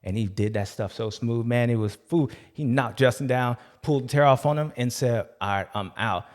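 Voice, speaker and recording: A man hosts a casual race recap, full of slang and animated storytelling. His voice sits at a middle pitch for a man, and his talk is loose and conversational. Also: moderate pace. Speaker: host.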